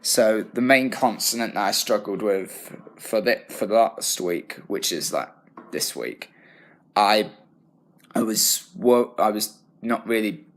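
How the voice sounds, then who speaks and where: Young British drama student, lowish voice, halting reflective self-assessment. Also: male voice, a bit bright. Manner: thoughtful, self-correcting, halting.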